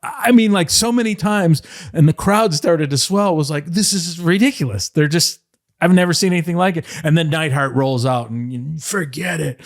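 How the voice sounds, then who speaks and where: A middle-aged man from the Detroit area, a podcast guest, telling rambling, animated stories and slipping into playful voice impressions. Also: on the high side, normal speed, no echo, studio quality. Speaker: podcast guest, former wrestling writer. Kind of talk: casual interview storytelling.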